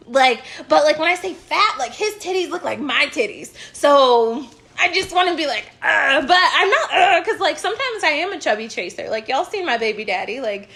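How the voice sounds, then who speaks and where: A woman's voice: sits high, a bit bright. A young woman rambling frankly to her viewers in a casual, self-mocking confessional rant. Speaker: vlogger.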